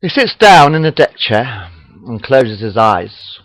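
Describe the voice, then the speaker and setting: A man reads his homemade fan story into a webcam, rambling, apologetic and correcting his own slips along the way. His voice is of middling pitch. The room sound is dry and close. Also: sing-song, slow, fairly bright tone, no echo, poor audio. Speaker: amateur fan fiction reader. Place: home room.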